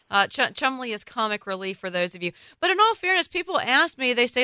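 Southern lady hosting a talk show, bright clear voice, super enthusiastic, dry close sound. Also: high-pitched, very animated, brisk, few pauses, no echo. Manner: gushing, enthusiastic. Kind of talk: radio talk show interview.

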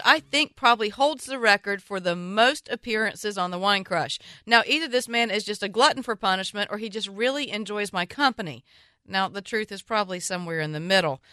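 Southern woman radio host, teasing, bright-toned, dry studio. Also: mid-range voice, no echo. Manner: joking, teasing. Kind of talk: chatty radio talk.

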